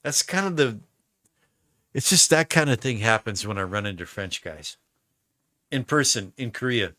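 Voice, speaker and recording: An American man tells meandering stories during a live stream, circling back and restarting his sentences as he goes. His voice has a bright, forward edge. The sound is dry and close, with no room around it. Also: mid-range voice, expressive, normal speed, no room sound. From United States. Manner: rambling, chatty storytelling with many restarts. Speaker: musician streaming a recording session. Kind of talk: casual live-stream chat.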